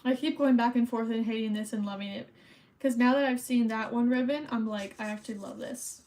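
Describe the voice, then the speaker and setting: Young woman on stream, slightly high voice, rambly casual chat while coloring cards at her desk. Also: a little fast, darkish tone. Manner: rambling and chatty, thinking aloud while coloring.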